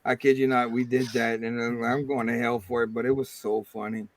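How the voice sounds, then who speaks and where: A man's voice: mid-range voice, little pitch movement, brisk, dry recording. Rambling joking Cajun man on a livestream. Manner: rambling, joking, crude humor. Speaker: livestream host. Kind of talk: casual livestream chat.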